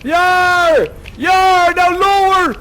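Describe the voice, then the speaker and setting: A man playing a ship's bosun, shouting frantic orders to sailors in a storm. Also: very high voice, extremely slow, a little hiss or hum, voice pushed up, full character voice.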